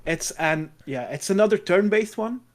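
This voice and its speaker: A man's voice: high voice, expressive, normal speed. A man co-hosting a podcast in casual chat, talking about a game with enthusiasm. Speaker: podcast co-host.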